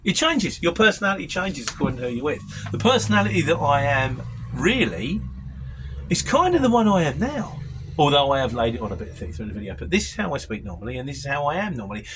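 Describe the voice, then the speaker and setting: A man's voice: medium pitch, very animated, fast talker, fairly bright tone, a little hiss or hum. A man who hosts a casual Q&A, reading out viewer comments and answering them in a rambling, opinionated way. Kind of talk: casual Q&A chat.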